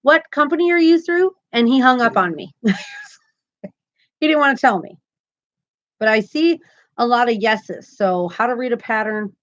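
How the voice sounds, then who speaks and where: A woman's voice: fairly high pitch, a little slow, long pauses, dull audio. A woman hosting a crochet live stream, chatting casually and upbeat, often laughing as she talks. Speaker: crochet channel host.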